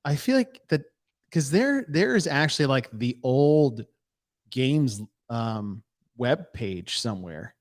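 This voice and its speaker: A man's voice: mid-range voice, very animated, takes it slowly. A man co-hosting a podcast, chiming in with short replies and frequent laughs in casual chat. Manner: laughs often, short responses. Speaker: podcast co-host.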